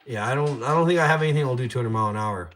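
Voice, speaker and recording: This young Canadian livestream host chats casually from his home garage, rambling profanely and trash-talking as he reads messages. He talks at a racing pace in a mid-range, slightly bright voice.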